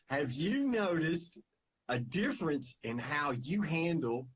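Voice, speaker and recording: A man, co-hosting a podcast, relaxed and rambling as he greets viewers and tells stories. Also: on the high side, husky. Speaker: podcast co-host. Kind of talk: casual chat on a live stream.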